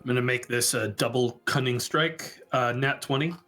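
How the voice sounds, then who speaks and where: A man plays his turn at a tabletop game with quick, confident calls. His voice is very bright and forceful, with faint music behind. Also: mid-range voice. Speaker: player. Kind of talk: casual tabletop play.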